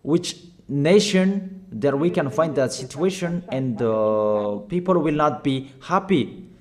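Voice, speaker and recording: A male preacher delivering a sermon at an unhurried, deliberate pace, his voice sitting a little high for a man. He speaks halting non-native English full of fillers and restarts. He hammers his point home with short, repeated commands. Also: expressive, darkish tone. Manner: emphatic, repetitive exhortation with short commanding phrases.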